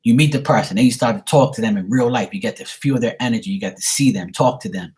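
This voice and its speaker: Man, mid-pitched, delivering a profane, exasperated comic rant to camera; blunt, direct. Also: fast talker, darkish tone. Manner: talks straight to the viewer with rhetorical questions. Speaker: vlogger answering viewer questions.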